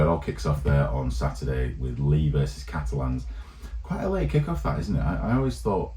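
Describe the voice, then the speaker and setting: A man's voice: a bass voice, dark tone. A man, hosting a sports video in a wry, rambling monologue full of fillers and restarts. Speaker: rugby league video host. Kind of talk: casual commentary monologue. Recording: echoey room, poor mic sound.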